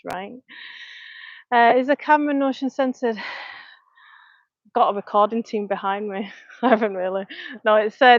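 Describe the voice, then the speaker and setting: A woman's voice: on the high side, no echo, dull audio. Chatty Lancashire woman on a live stream. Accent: Lancashire English. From North West England. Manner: chatty and frank, laughing often, talking between reps. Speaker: fitness coach and personal trainer. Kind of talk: live-stream chat while working out. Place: home, indoors. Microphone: small clip-on mic.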